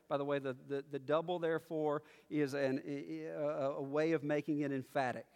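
A man preaching a sermon as pastor, emphatic and repeating his key phrases, slowing down when he reads scripture. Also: a little high, clean tone, big-room sound.

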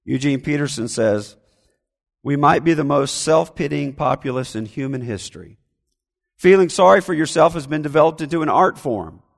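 Gravelly high-voiced preacher in a reverberant hall. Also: male voice, normal speed. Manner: animated, acts out whining voices. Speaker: pastor. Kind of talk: sermon.

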